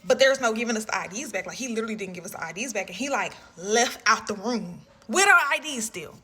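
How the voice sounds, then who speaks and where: Lively woman doing a storytime, bright voice, says like a lot. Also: fairly high pitch, quick pace, slightly rough. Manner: animated, heavy on "like" and "you know what I'm saying". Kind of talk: casual storytime vlog.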